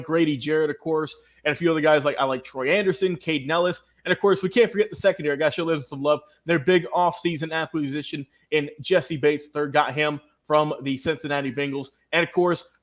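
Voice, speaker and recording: A man co-hosting a sports talk radio show, running through a team's roster in a steady, conversational way and turning to his co-host. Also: a little high.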